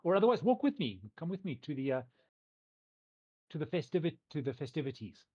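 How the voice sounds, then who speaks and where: A man's voice: fairly high pitch, sing-song, a little mellow, husky, pitched above the performer's own voice. A man voicing an eager, fussy town mayor who gushes and rambles, on a dull lo-fi mic. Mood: gushing. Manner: gushing, rambling, hurried.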